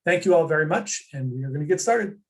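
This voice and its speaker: A man's voice: fairly high pitch, lively intonation, fast. Man kicking off a webinar. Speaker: webinar organizer. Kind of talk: casual announcements. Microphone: video call.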